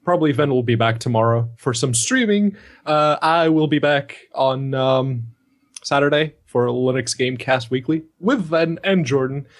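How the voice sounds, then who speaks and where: A young man co-hosts a podcast in a mid-range voice, keeping a moderate pace. The chat is easygoing and casual, and he laughs often.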